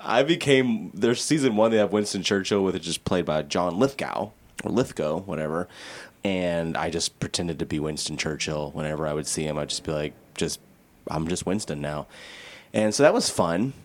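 A man's voice: low-pitched, expressive, moderate pace. A young man from co-hosting a podcast, chatting casually, laughing often and poking fun at himself. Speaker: podcast co-host. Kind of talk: casual chat.

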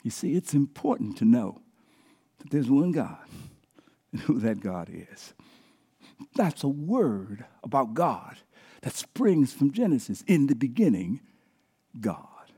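A man preaching a live sermon as pastor, emphatic, calling on the congregation to answer back and swinging between near-shouts and hushed lines. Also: medium pitch, very animated, slow pace, pauses often, husky. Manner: engages the congregation with call-and-response prompts.

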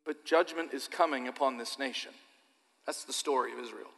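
A man preaching a sermon to his church, animated and repetitive, addressing the audience directly. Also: medium pitch, brisk, creaky, big-room sound. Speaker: pastor.

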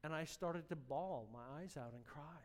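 A man's voice: on the high side, normal speed, slight background noise. Impassioned preacher man in a reverberant hall. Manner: emotional storytelling, rising to impassioned shouting. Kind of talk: sermon.

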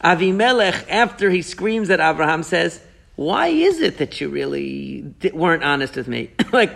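A man leads a lively Torah study, animated and questioning as he walks his students through the text. His voice sits high and carries a gravelly rasp. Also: moderate pace. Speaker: Torah teacher. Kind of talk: Torah class discussion.

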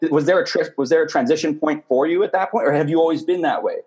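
A man hosting a casual podcast, rambling and halting as he asks questions and plays devil's advocate. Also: a little high, background noise. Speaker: podcast host.

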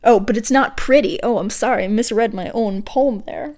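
A young woman hosting a podcast, rambling and self-mocking as she reads her own unfinished poems, dropping soft and quiet for the verses. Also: normal speed, hardly any pauses. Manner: self-mocking and rambling, drops soft and low when reading. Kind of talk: casual self-deprecating chat with poetry reading.

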